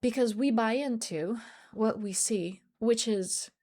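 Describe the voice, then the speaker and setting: A woman's voice: on the high side, slow pace, darkish tone. A woman life coach telling a personal story in an earnest motivational talk, acting out bits of dialogue. English is not her first language.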